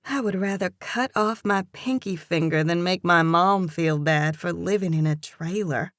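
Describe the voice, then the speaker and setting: A woman narrating a first-person romance audiobook with an expressive, lively character reading. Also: fairly low pitch, measured pace, no room sound, clean studio sound.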